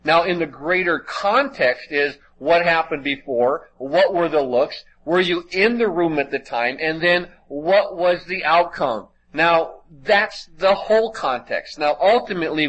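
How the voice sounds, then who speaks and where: A man's voice: on the high side, fairly bright tone, rough recording. A man preacher teaching a sermon in a methodical way and reading scripture aloud.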